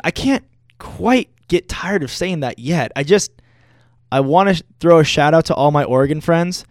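A young man co-hosting a live sports radio show, talking like an excitable fan with big opinions. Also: a little high, no room sound, studio quality. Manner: excitable, gloating fan talk. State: out of breath. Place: radio studio.

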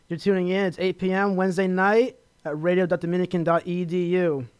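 A man's voice: sits high, steady tone, moderate pace, hardly any pauses, a little mellow, clear, resonant tone, no room sound. A young man from Los Angeles hosting a college radio show, chatting casually and rambling with lots of fillers as he promotes himself. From Los Angeles, California. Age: young adult. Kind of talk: casual solo radio talk.

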